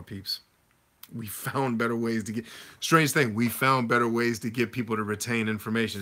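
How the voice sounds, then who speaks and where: Bright-voiced man chatting on a livestream. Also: medium pitch. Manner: conversational, reads chat comments aloud and answers. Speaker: livestream host answering chat. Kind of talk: casual livestream chat.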